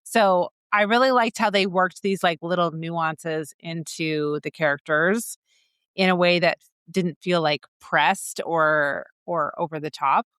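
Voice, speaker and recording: A woman's voice: on the low side, a little slow, clean tone, no room sound, studio quality. A woman co-hosting a podcast, chatting casually about a holiday movie, laughing often and acting out lines from scenes. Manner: animated, laughs often, acts out quotes from scenes. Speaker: podcast co-host. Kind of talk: casual movie review chat.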